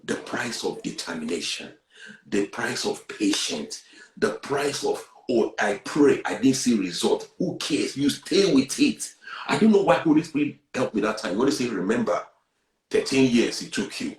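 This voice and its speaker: A man, earnestly sharing a personal testimony and swinging between hushed and loud. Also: mid-range voice, very animated, moderate pace, echoey room, low-quality recording. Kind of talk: candid testimony on a talk show.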